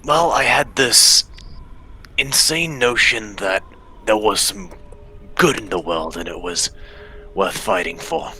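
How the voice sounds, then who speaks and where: A man's voice: on the low side, takes it slowly, pauses often, bright, forceful tone, soft background music, exaggerated voice. A man voicing a banished, world-weary warrior with a dry manner. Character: banished weary male warrior, bitter idealist.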